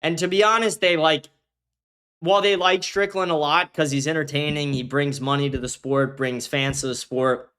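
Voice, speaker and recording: A man's voice: on the high side, steady tone, moderate pace, fairly bright tone, clear, resonant tone. A young man hosting a casual political commentary stream, blunt and profane, rambling with restarts and reading viewer chat aloud. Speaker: livestream host.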